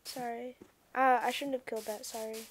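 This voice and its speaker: A young woman giving casual, excitable commentary over her own gameplay, easily flustered and exclaiming at what happens on screen. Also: on the high side, moderate pace, heavy background noise. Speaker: gameplay streamer.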